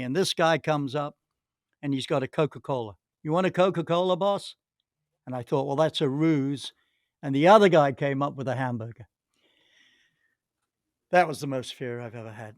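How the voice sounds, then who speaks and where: A man's voice: mid-range voice, dry recording, studio quality. Older man telling rambling stories. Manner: rambling, with frequent restarts and acted-out quotes. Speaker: podcast guest. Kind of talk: anecdotal storytelling.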